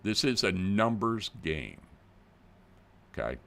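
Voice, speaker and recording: An older man talks straight to his viewers in a plain-spoken, animated way. His voice is deep and gravelly, and his pitch rises and falls a great deal. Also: takes it slowly. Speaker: channel host. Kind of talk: casual video commentary.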